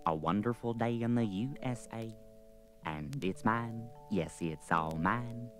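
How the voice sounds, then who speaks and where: A man playing an older president as a slow, sing-song children's TV show host. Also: mid-range voice, soft background music, natural voice. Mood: folksy. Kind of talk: comedy record sketch.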